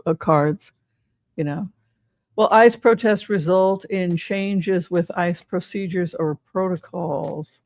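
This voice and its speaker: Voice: medium pitch, a little mellow, no room sound. An older tarot reader giving a casual reading, rambling and sarcastic, swearing freely.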